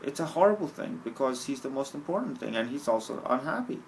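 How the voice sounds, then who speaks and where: A man's voice: mid-range voice, big pitch swings, fast, gravelly, slight background noise, low-quality recording. A man at a bus stop, talking in a rambling, profane monologue broken by bursts of laughter. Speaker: vlogger.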